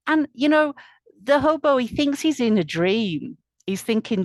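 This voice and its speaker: A woman storyteller narrating a folk tale in a slow, soothing, lilting way. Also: a little high, big pitch swings, dry recording. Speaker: storyteller at a community event. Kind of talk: oral storytelling.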